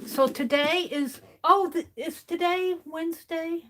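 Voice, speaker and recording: A woman's voice: very high-pitched, unhurried, sharp tone, a little hiss or hum. A woman hosting a casual art journaling stream from her craft desk, chatting and thinking aloud as she works, often repeating her own phrases. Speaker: art journaling livestream host. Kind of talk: casual chat while crafting.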